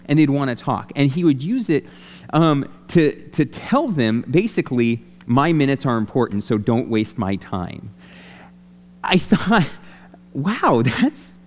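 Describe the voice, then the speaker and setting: A man preaching a sermon as a pastor, talking conversationally with lots of restarts. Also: a little high. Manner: conversational, animated, many restarts. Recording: long reverb of a hall.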